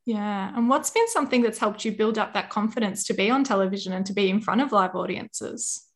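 A woman's voice: medium pitch, fairly quick. A woman hosting a casual interview, asking questions and backing her guest up with short affirmations. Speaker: podcast host.

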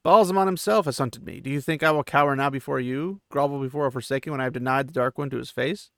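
A man's voice: medium pitch, quick pace, gravelly, dry recording, studio quality, natural voice. A man voicing a young male country lad who speaks urgently and defiantly.

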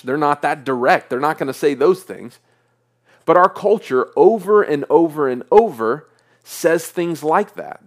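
A man preaching a sermon in an earnest way, asking rhetorical questions and lifting his voice to stress points. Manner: earnest preaching, rises in pitch and volume for emphasis. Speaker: pastor.

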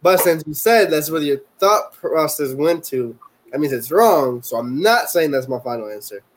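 A man's voice: fairly high pitch, expressive, moderate pace. A man playing along as a quiz contestant, joking as he talks through his reasoning. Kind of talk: casual quiz banter.

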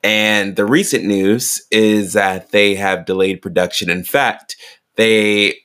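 A man's voice: lowish voice, fairly even intonation, takes it slowly, a bit bright. A man hosting a casual podcast chat, rambling and repeating words as he thinks. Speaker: podcast host.

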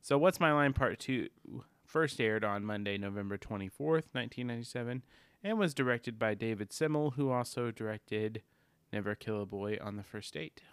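Smooth-voiced rambling podcast man. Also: fairly low pitch, normal speed, no echo. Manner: rambling, swears casually, laughs mid-sentence. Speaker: podcast co-host. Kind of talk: casual chat.

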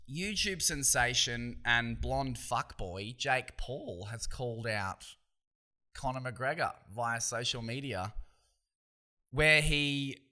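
An Australian podcast host rants solo in a casual, opinionated way, swearing freely and circling back on himself with frequent restarts. His medium-pitched voice is bright and forceful, with a tense edge.

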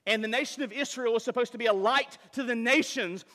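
Bright high-voiced preaching man, hall reverb. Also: fast talker. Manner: animated preaching with rhetorical questions and impersonations. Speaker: pastor. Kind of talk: sermon.

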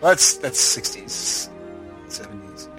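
A man's voice: lowish voice, animated, slow, bright, forceful tone, soft background music. A man in a casual chat who talks bluntly and swears freely.

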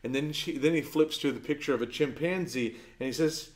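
Talking a little fast, this pastor delivers his sermon in an earnest, conversational way. Stories carry it along, and his voice sinks soft and low whenever he reaches a key point.

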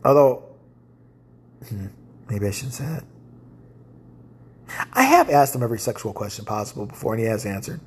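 A woman's voice: very deep voice, huge pitch swings, moderate pace, pauses often, darkish tone, slight background noise. A woman hosting a solo podcast, ranting bluntly and profanely with lots of restarts. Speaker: podcast host. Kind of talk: casual solo podcast rant.

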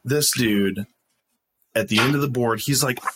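A man's voice: medium pitch, a little slow, background noise. A young man casually telling a profane, laughing story as a podcast guest.

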